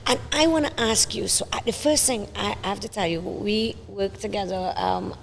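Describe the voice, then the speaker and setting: Brief: woman podcast host, mid pitch, chatty questions, reverberant hall with faint ambience. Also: animated, normal speed, a little hiss or hum. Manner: conversational, many fillers and restarts, asks questions. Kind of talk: casual interview.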